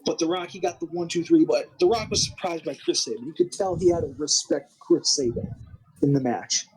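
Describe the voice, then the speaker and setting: A young man rambles through a recap of a wrestling game, full of swearing, restarts and "like". His voice sits a little high with a husky edge. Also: fairly quick, a little mellow, rough recording. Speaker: game commentator.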